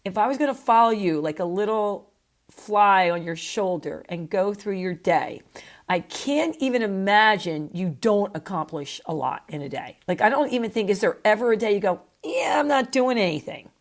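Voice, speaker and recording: A woman's voice: medium pitch, expressive, moderate pace. A woman hosting a casual chat, frank and enthusiastic, swearing casually as she asks questions. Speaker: host.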